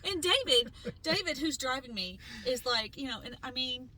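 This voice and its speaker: A woman co-hosting a podcast, telling a story in casual chat, animated and swearing freely as she acts out what people said. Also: sits high, normal speed, background noise. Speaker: podcast co-host.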